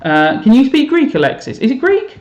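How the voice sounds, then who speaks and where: A man's voice: very high voice, huge pitch swings, a little fast, roomy sound, lo-fi sound. A man chatting casually on a live stream while playing a game, self-mocking and thinking aloud to his viewers. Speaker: teacher streaming to students. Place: home room.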